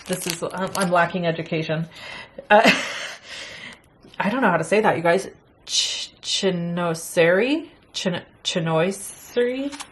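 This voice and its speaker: Chatty woman crafter, low and unhurried. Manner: chatty and excitable, gasps at pretty items. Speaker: crafting channel host. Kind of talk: casual unboxing chat.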